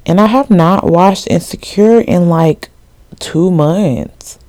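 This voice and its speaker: A woman's voice: lowish voice, slow pace, mellow, dry recording. Young woman, 20s, solo podcast host. Casual, rambling, slangy delivery with a dry, close sound. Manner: rambling, slangy, full of asides and fillers.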